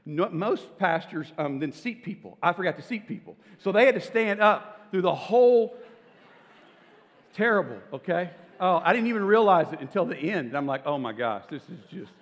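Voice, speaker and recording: A man's voice: sits high, expressive, normal speed. A middle-aged man, a pastor, giving a casual, self-deprecating sermon with stories to a congregation. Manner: conversational, self-deprecating storytelling. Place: church auditorium. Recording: long reverb of a large hall.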